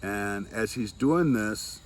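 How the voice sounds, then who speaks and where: A man telling a traditional story slowly, with long pauses, voicing the dialogue of its characters himself. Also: lowish voice, expressive, low-quality recording. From Seneca territory. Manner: slow, pausing, retells dialogue in quotes. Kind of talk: oral storytelling.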